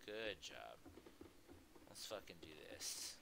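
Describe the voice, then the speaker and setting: A man livestreaming gameplay, swearing and trash-talking at the characters, sometimes yelling in anger. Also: deep voice, very animated, slow, vocal fry, noisy background. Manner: profane, trash-talking, bursts into angry yelling. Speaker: streamer. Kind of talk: live gameplay commentary.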